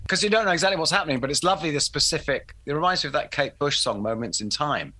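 A man's voice: on the high side, expressive, very fast, bright, forceful tone. A male co-host adding enthusiastic, reflective remarks in an interview. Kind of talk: interview chat.

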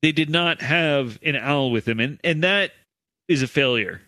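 A man's voice: fairly high pitch, normal speed, pushed and bright, dry recording. A man co-hosting a comedy podcast, talking in a laid-back, casual way with lots of fillers. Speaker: podcast co-host. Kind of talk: casual chat.

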